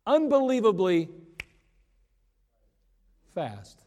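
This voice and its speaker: A man preaching a sermon in a folksy, joking way, slowing down for emphasis. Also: high voice, wildly swooping pitch, darkish tone, big-room sound, muffled recording. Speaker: pastor.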